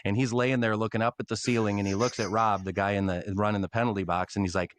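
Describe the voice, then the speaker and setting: A middle-aged man, a longtime public address announcer, telling animated stories in a casual podcast interview. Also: lowish voice, fast talker, hardly any pauses, a little hiss or hum. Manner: animated storyteller, acts out quotes.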